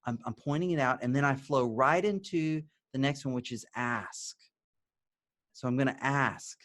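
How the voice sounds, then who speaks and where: In a video lesson to camera, a middle-aged male couples therapist teaches conversationally, posing questions and answering them himself while softly acting out gentle example phrases. His voice sits in the mid-range, with lively intonation and a normal speed.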